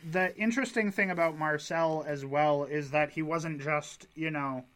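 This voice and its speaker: A man's voice: a little high, steady tone, normal speed, a bit bright. A man co-hosting a podcast, telling a story in a casual, joking way with many asides. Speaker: podcast co-host. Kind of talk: casual chat.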